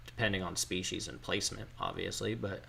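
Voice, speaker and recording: A man's voice: low voice, fairly even intonation, fairly quick, vocal fry, sharp tone, a little hiss or hum. A man hosting a casual livestream chat, telling candid stories and swearing freely as he answers viewers. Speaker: livestream host.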